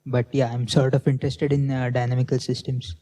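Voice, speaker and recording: A man's voice: mid-range voice, level tone, fairly quick, warm tone. A young male undergraduate in his twenties giving a tentative, offhand self-introduction. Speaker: undergraduate student.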